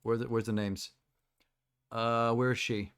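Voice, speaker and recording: A man's voice: mid-range voice, flat delivery, a little slow, a bit bright, clean tone. A man streaming from home, chatting casually and rambling through his reactions with frequent laughter. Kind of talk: casual live-stream chat.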